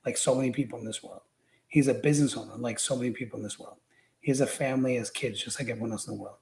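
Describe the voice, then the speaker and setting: Racing along in a mid-range voice with vocal fry, a male podcast guest animatedly tells stories in a relaxed political chat, performing each quote. The sound is roomy and of poor quality.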